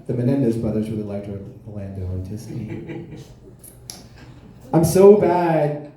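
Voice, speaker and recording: A man from South Florida performing a deadpan, self-deprecating stand-up comedy set on a club stage into a handheld mic. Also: medium pitch, takes it slowly. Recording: echoey club room.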